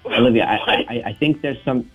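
A man's voice: mid-range voice, fairly quick, soft background music. A man calling in, stammering and flustered as he explains himself over the phone. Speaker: caller. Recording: tinny phone line.

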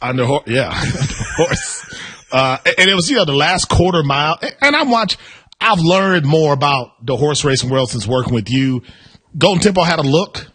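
A man's voice: fairly high pitch, fairly quick, breathy edge, no echo. A man co-hosting a sports talk radio show, bantering playfully with his co-host. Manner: playful, bantering, lively intonation.

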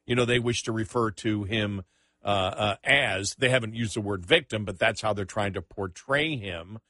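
A male talk radio host talks politics in a bright, pushy tone. He sounds incredulous and stammers into restarts. The studio sound is close and dry. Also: fairly low pitch, moderate pace, no room sound.

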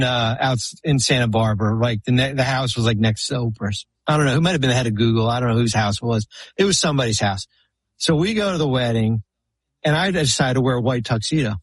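Guy on a podcast telling long stories, husky voice, dry close mic, keeps restarting himself. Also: medium pitch, no room sound. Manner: rambling anecdotes full of restarts and fillers. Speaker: podcast guest, former basketball executive. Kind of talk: casual storytelling chat.

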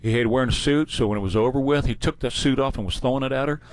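A man hosting a talk show, telling stories in a casual, animated way. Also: medium pitch, racing. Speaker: radio show host.

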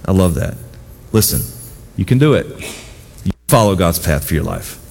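A man preaching a sermon with animated, emphatic delivery and repeated exhortations. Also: low voice, normal speed, gravelly. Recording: long hall reverb with faint music.

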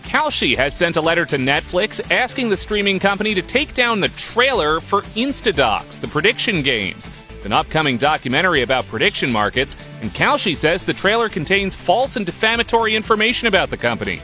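Bright, lively male news reader. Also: high voice, fairly quick, faint music behind. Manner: crisp newsreader delivery. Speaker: news anchor. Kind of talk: scripted news read.

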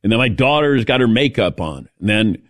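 A middle-aged man hosting a casual sports talk show, animated and self-mocking as he calls on his co-hosts by name. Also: lowish voice, fairly quick, no room sound, clean studio sound. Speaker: radio show host.

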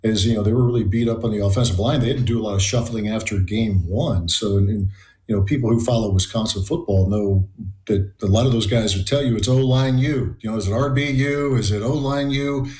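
A man giving measured, analytical commentary on a sports talk show. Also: lowish voice, a little mellow, reverberant.

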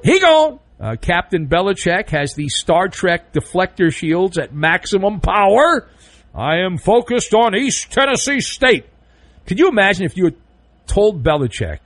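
A man hosting an overnight sports radio show, delivering a sarcastic, theatrical monologue full of jokes into a studio microphone. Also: fairly high pitch. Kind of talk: animated sports talk monologue.

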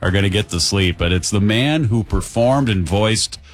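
Low-voiced jokey male radio host. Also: animated, moderate pace. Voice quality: jokey, easygoing. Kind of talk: morning radio banter with ad reads.

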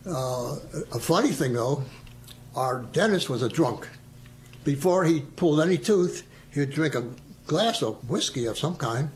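A man's voice: on the high side, animated, measured pace. An older man casually reminiscing about his past, telling stories and acting out what others said. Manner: storyteller who acts out quoted voices and chuckles. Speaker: veteran interviewee.

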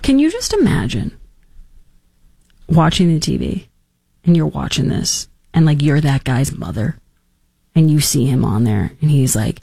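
A woman in her thirties hosting a show, talking in casual, sarcastic commentary and jumping into high mocking voices. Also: very animated, moderate pace, creaky, long pauses, dark tone, slightly rough, dry recording, studio quality. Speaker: host.

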